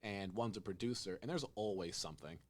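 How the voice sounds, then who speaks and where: Young male podcast host, low voice, animated storyteller who acts out lines. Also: brisk. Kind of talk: casual chat.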